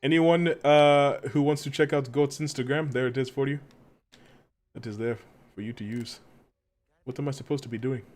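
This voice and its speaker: A man's voice: medium pitch, fairly even intonation, normal speed. A man live-streaming a game and chatting casually with viewers. He swears freely, laughs often and pokes fun at himself. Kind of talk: casual gaming stream chat.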